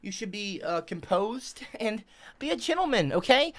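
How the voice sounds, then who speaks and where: High, volatile ranting male streamer. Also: big pitch swings, moderate pace. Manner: profane, volatile, yelling insults. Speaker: live streamer. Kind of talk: angry live-stream rant.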